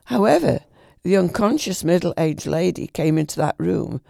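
Rich: A man reads a classic novel aloud in a gravelly voice, unhurried and sometimes stumbling over a word. His tone is dark and mellow, recorded dry and close. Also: a little high, animated, no echo. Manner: unhurried, with occasional stumbles and restarts. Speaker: reader.

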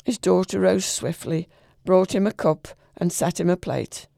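A woman reading a literary short story aloud in a measured, expressive way. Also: fairly low pitch, gravelly, dry recording, clean studio sound. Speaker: reader.

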